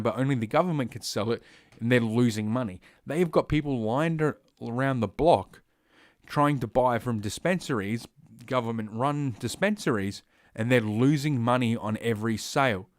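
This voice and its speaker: A man's voice: medium pitch, normal speed, dry recording, clean studio sound. A man ranting on a stream in a profane, rambling way, with heavy swearing. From Australia.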